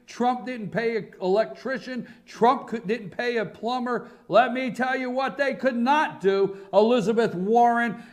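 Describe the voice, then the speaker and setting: A man hosting a morning talk show, ranting sarcastically and loudly about politics. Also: extremely high pitch, unhurried, hardly any pauses. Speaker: radio talk show host. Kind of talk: political commentary monologue.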